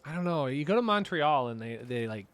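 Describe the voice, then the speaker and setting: A young man from the upper Midwest of the United States, casting an esports match with easygoing, joking chat that lifts with excitement on big plays. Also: on the high side, brisk, smooth. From upper Midwest, USA. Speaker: esports caster. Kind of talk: game commentary with casual chat.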